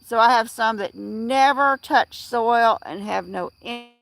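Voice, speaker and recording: A woman's voice: on the high side, takes it slowly, gravelly, no echo. A middle-aged woman hosting a casual livestream, rambling with many fillers and restarts as she answers viewers in chat. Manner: replies to chat viewers by name. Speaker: livestream host.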